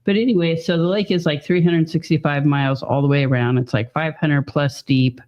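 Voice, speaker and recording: A man's voice: fairly high pitch, steady tone, brisk, a little mellow. A man co-hosting a casual talk stream, rambling and chatty, laughing often as he talks. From Northern California. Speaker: podcast co-host. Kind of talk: casual chat. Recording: dull lo-fi stream audio.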